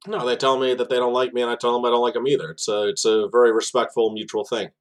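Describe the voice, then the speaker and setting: A man's voice: mid-range voice, flat delivery, fast talker. A man from New Jersey with a New Jersey accent, a tour guide telling stories in a casual interview with lots of fillers and restarts. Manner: storytelling, frequent fillers and restarts.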